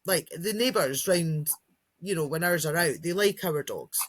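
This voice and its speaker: Husky-voiced woman chatting about dogs. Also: on the low side, normal speed. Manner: chatty, acts out dogs' and kids' voices. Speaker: podcast co-host, dog trainer. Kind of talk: casual chat.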